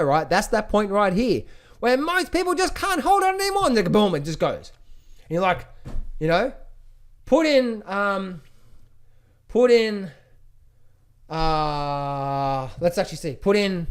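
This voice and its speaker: A middle-aged man giving casual market commentary as a trading educator, animated, often slipping into high mock voices of panicking traders. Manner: frequent fillers and restarts, addresses viewers as guys.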